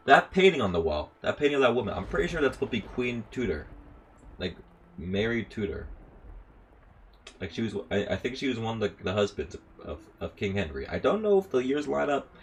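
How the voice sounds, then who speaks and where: A man streaming a game, narrating the text and breaking into excitable, rambling asides. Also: mid-range voice, fairly quick, a little hiss or hum. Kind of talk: casual let's-play chat and narration.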